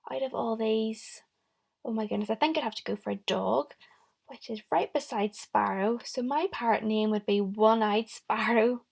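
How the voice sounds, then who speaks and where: Gravelly-voiced woman teaching young children. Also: on the high side. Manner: encouraging, talks directly to the children. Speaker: primary school teacher. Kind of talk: recorded lesson for young children.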